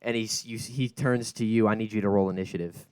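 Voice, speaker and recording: A man's voice: lowish voice, steady tone, fairly quick, darkish tone, clear, resonant tone, no echo. A man narrating a tabletop game as game master, laid-back and descriptive, on a close podcast mic.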